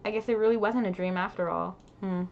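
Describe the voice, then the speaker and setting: A woman's voice: medium pitch, steady tone, a little fast, gravelly, highs cut off, natural voice. A woman voicing a cheerful, innocent little girl in a game, with a light, bouncy lilt. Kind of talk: reading game dialogue aloud.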